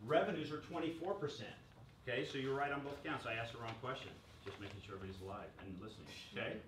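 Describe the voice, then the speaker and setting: A man giving a lively workshop presentation to a room, joking and quizzing the audience. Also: mid-range voice, racing, noisy background. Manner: energetic, jokey, asks the audience questions. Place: chamber of commerce meeting room. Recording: echoey room recorded from far off.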